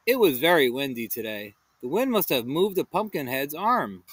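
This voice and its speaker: A man voicing a calm, know-it-all young woman who explains patiently. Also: on the high side, moderate pace, husky, dry recording. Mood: explaining.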